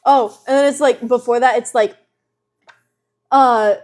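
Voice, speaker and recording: Chatty teenage girl, slightly high voice. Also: a little slow. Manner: chatty, animated storytelling with filler words. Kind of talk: casual chat on a livestream.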